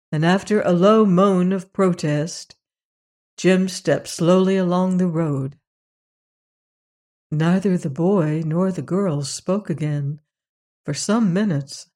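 Slow, measured storybook narrator. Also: mid-range voice, a little mellow. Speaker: audiobook narrator.

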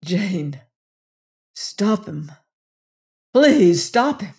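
A woman's voice: mid-range voice, animated, unhurried, darkish tone, voice pushed up, close to an everyday voice. A woman reading aloud and voicing a desperate young male rider, pleading and agitated with a raised voice. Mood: anguished.

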